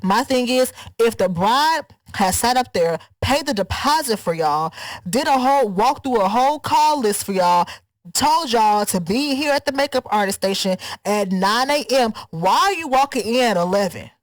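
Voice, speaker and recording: A woman's voice: fairly high pitch, expressive, normal speed, no echo, low-quality recording. A woman co-hosting a casual podcast, a makeup artist ranting with emphasis and swearing freely. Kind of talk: casual chat.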